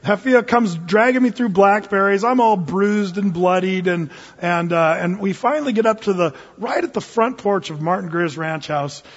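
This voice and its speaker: A man's voice: high-pitched, moderate pace, hardly any pauses. A man preaching a sermon, telling a folksy personal story with lots of fillers and restarts, recorded in a church sanctuary. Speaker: pastor. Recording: dull recording in a reverberant hall.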